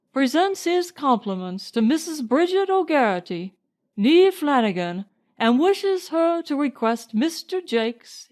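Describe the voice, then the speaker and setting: Woman doing a young British captain, teasing, mock-formal, lively, audiobook. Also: high voice, voice pushed up, full character voice. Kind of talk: audiobook character reading.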